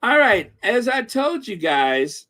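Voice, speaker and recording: A man's voice: high voice, big pitch swings, slow pace, bright, forceful tone. A middle-aged man from the American Midwest hosting a casual livestream, reading viewer comments aloud with lots of fillers and laughs. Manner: chatty, laughs often, reads comments aloud with frequent fillers. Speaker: host reading live chat.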